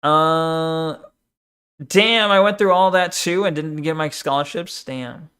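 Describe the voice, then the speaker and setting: A man's voice: on the high side, takes it slowly, sharp tone, clean tone. A man streaming his reaction to a debate video, talking casually in a sarcastic, rambling way. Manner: sarcastic, rambling, mocking mimicry.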